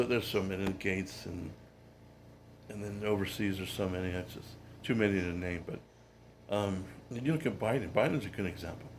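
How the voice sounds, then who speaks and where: A man's voice: on the low side, a bit bright, a little hiss or hum. A man delivering a casual political rant to camera, indignant and rambling, with frequent restarts.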